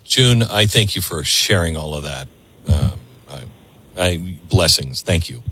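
A man's voice: low voice, expressive, measured pace, a bit bright, breathy edge. A man hosting a call-in radio talk show, speaking earnestly and often repeating words as he works through a thought.

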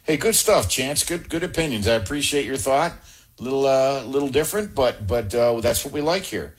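A male sports radio host with a slightly husky voice and a middle-pitched tone. He keeps things upbeat, jokes around and moves callers along. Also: expressive, moderate pace. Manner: upbeat, jokes and quotes movie lines. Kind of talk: call-in sports radio chat.

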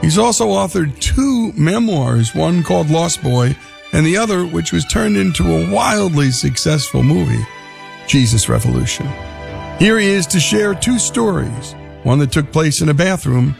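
A man's voice: fairly high pitch, gravelly. A male radio show host reading a scripted introduction of a guest in a lilting announcer style.

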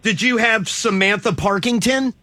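A man's voice: high voice, normal speed, bright, forceful tone, no echo. A man hosting a morning radio phone-in show, chatting playfully and laughing often with a caller, in a studio. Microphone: studio mic.

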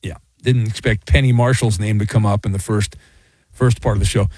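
A man's voice: lowish voice, steady tone, brisk, darkish tone, breathy edge, no room sound. A middle-aged man hosting a late-night sports talk radio show, rambling and joking with self-mocking asides. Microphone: studio microphone.

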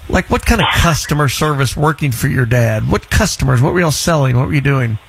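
A man's voice: medium pitch, animated, fairly quick, vocal fry, husky. A middle-aged man hosting a casual interview, blunt and teasing, often restarting his sentences. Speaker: host.

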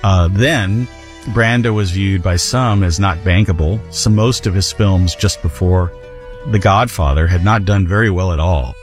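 A male author giving a measured, reflective account of a film's casting history. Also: low-pitched, faint music behind. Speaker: author interviewed about a film. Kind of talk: documentary commentary.

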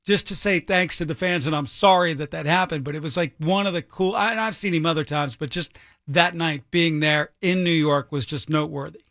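A man co-hosting a radio show, chatting casually on air and rambling with quick restarts. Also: on the high side, a bit bright, no room sound, studio quality. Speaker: radio co-host. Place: radio studio. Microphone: studio microphone.

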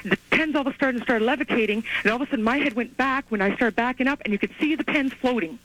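A woman calling in to a radio show over the phone, telling her story in an excited, rambling way with many restarts. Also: fairly high pitch, fast. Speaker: caller. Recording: tinny phone line.

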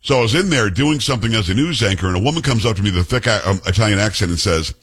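A fast-talking man hosts a radio talk show, his husky voice swinging up and down as he jokes and tells stories. He slips into quick impressions of the people in his anecdotes. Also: on the low side. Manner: animated storyteller, mimics voices in quotes. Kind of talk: casual talk radio banter.

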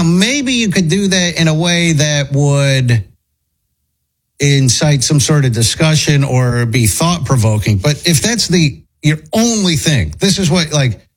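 A man hosts a casual commentary chat in a husky voice on the high side, heard on a rough recording. He talks conversationally, restarting sentences as he reacts and thinks aloud.

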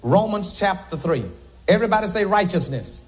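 A man's voice: sits high, expressive, brisk, poor audio. A man a sermon to a congregation, folksy and joking with asides to the crowd. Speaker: preacher.

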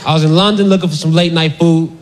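A man doing stand-up, telling a story in an animated, shouty way and laughing through punchlines. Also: a little high, fast talker, a little hiss or hum. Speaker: stand-up comedian.

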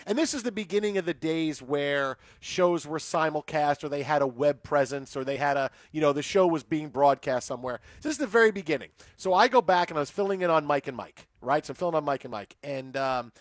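A man's voice: a little high, a little fast, hardly any pauses, no echo, clean studio sound. A man hosting sports radio, giving score updates and telling rambling stories with lots of fillers. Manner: rambling storyteller with many fillers.

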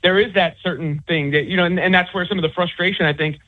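A man's voice, slightly raised in pitch and husky, comes down a tinny phone line. He is a sports writer answering interview questions, circling his point with restarts, fillers and stacked examples. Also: steady tone, quick pace. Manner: rambling, many restarts and fillers. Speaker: author and sports commentator.

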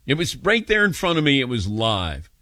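An older man hosting a radio call-in show, telling stories about himself in a relaxed, self-mocking way. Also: mid-range voice, normal speed, dry recording. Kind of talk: casual radio talk with callers.

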